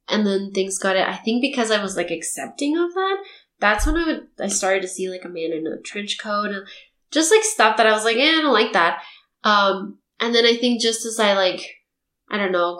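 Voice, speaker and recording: A young woman, a podcast host, telling a personal story in casual chat and acting out what people said. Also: mid-range voice. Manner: animated storytelling, acting out quotes. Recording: echoey room.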